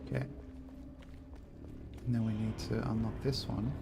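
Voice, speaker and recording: A man's voice: lowish voice, flat delivery, normal speed, vocal fry. A man streaming a video game, chatting casually to his viewers with a scratchy throat, rambling and poking fun at himself. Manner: rambling, self-deprecating, talks to himself. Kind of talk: casual gameplay chat to viewers.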